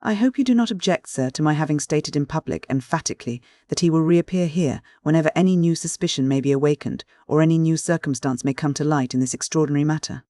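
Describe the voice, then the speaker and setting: Male minor canon, as a narrator puts him on: earnest, submissive, pleading, pitched well above the narrator. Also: fast, hardly any pauses, warm tone, dry recording, clean studio sound, lightly acted.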